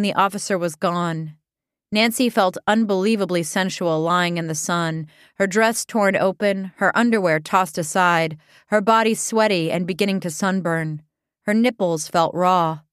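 A woman reading a comic story aloud as narrator, in a deadpan way. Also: on the low side, normal speed, clear, resonant tone, dry recording, studio quality.

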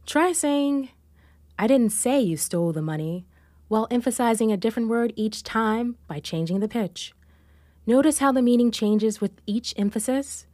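A woman hosting a podcast, presenting a vocal exercise in a clear, instructive tone. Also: a little high, no room sound. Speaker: podcast host.

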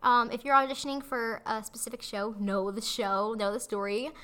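A woman's voice: on the high side, steady tone, normal speed, pushed and bright, clean tone. A woman co-hosting a casual chat, talking in a hesitant way with many fillers. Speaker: podcast co-host.

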